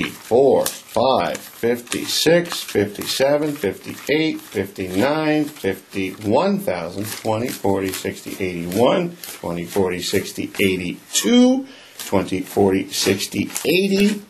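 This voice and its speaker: A man's voice: on the low side, big pitch swings, slow pace, slight background noise, low-quality recording. A man from a radio show crew handing over money on location, chatting upbeat and counting bills aloud. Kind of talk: on-location radio giveaway banter.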